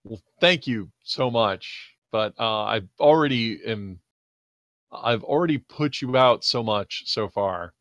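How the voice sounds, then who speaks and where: A man's voice: on the low side, animated, slow, a bit bright, no room sound, lo-fi sound, full character voice. A man voicing a timid male insectoid alien who moves boxes, with a meek, plaintive and hesitant way of talking. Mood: nervous.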